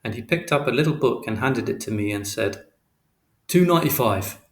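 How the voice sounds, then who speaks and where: A man reading an audiobook aloud in a steady, literal, matter-of-fact way. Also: on the low side, quick pace. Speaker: audiobook narrator. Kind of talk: scripted narration. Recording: roomy echo.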